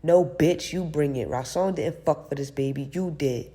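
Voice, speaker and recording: A woman's voice: deep voice, moderate pace, lightly acted. A woman doing a furious cursing ex on the phone. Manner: loud, cursing, confrontational. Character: angry young woman, hostile ex on the phone, profane.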